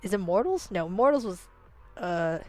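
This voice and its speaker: A woman's voice: mid-range voice, expressive, moderate pace, warm tone, soft background music. A woman streaming a game and chatting casually with her viewers, rambling and swearing freely, with many "like" fillers and restarts. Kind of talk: casual live-stream chat while gaming.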